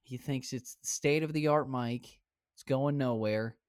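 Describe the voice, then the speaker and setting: A man's voice: mid-range voice, slow, darkish tone, clean tone, no echo, clean studio sound. A man in his twenties hosting a podcast from home on a headset, chatting casually, brash and teasing, swearing freely. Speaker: podcast host. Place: home, recording virtually.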